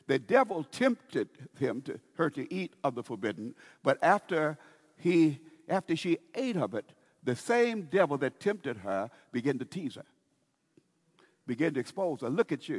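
A male pastor preaching with a lively, swinging delivery in a slightly higher register, stretching out key words and circling back over his phrases. His voice rings with a long reverb from a large sanctuary. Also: slightly rough. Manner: emphatic, drawn-out preaching with many restarts. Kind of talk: sermon.

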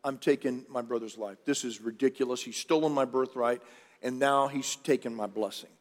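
A man voicing an angry young man who mutters in a low grumble about his brother, heard with long hall reverb. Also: steady tone, moderate pace, lightly acted. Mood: resentful.

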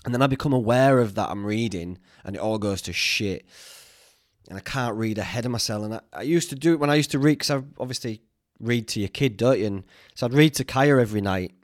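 A man's voice: mid-range voice, no echo. Male podcast host, casual rambling chat, self-deprecating, mid voice, dry studio sound. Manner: chatty, self-mocking, swears freely.

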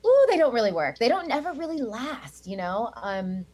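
A woman's voice: a little high, very animated, moderate pace, a little mellow, slightly rough. An American woman in her thirties, a Broadway actress chatting as an interview guest, with lots of fillers and frequent laughter. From United States. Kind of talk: casual interview chat.

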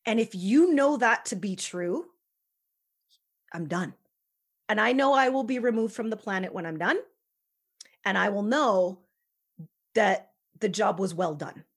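A woman's voice: mid-range voice, a little slow, pauses often, breathy edge. A woman guest on a podcast, talking earnestly and emphatically, sometimes dropping almost to a whisper. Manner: earnest, emphatic, softens to near-whisper at times. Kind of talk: casual interview chat.

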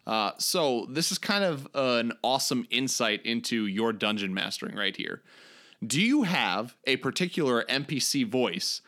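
Brief: upbeat male podcast host, animated pitch, laughs readily. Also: normal speed. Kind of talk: casual podcast chat.

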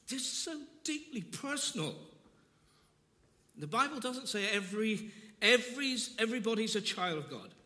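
A man's voice: high-pitched, sing-song, moderate pace, pushed and bright. An older man preaching a sermon with passion, repeating his phrases for emphasis. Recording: long reverb of a large hall.

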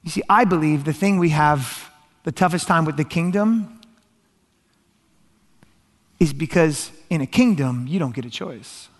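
A man in his thirties with a drawl delivers a lively sermon, talking with his congregation and throwing questions back at them. His voice sits high for a man. A long reverb from the large hall trails after his words. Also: measured pace, long pauses. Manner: animated conversational preaching, asks the crowd questions. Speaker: pastor.

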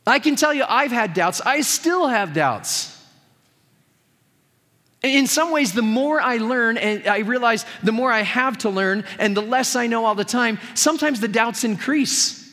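A man's voice: very high voice, lively intonation, measured pace, bright, forceful tone, in a large hall. A man preaching a sermon as pastor, conversational and earnest with touches of humor.

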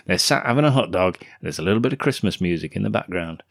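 A man's voice: low voice, lively intonation, fast talker, gravelly, hardly any pauses, no room sound, clean studio sound. A man co-hosting a podcast, riffing animatedly on a film, laughing often and swearing freely. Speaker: podcast co-host. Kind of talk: casual film-review chat.

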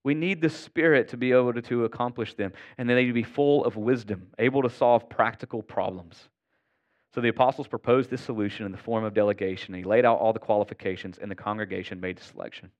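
Casting man, pastor mid-sermon, earnest and conversational, mid-pitched, slightly dull lo-fi recording. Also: steady tone, fast talker. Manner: earnest, conversational preaching with repeated "y'all".

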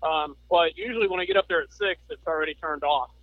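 A man's voice: on the high side, fast talker. Easygoing man on a muffled line. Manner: easygoing, joking. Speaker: podcast co-host. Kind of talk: casual chat.

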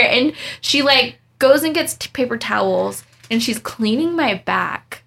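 A young woman telling a story in casual chat, animated and dramatic, laughing as she goes. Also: on the high side, measured pace, creaky, hardly any pauses. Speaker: storyteller guest.

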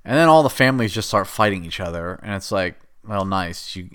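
A man's voice: low-pitched, expressive, brisk, a bit bright, smooth. Rambling man recapping a film. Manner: rambling, exasperated, laughs at the plot. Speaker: show host recapping a film.

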